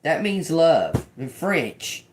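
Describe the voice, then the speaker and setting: A woman doing an intuitive tarot reading. She repeats channeled words slowly and quietly, then turns chatty when she explains them to viewers. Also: low voice, big pitch swings, a little hiss or hum. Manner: slow, murmured repetition of channeled words. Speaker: tarot reader.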